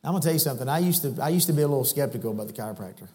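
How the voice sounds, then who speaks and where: Preacher in a reverberant church. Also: male voice, expressive, racing. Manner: folksy storytelling that swells to loud, high-pitched preaching. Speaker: guest preacher. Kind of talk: sermon. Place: church sanctuary.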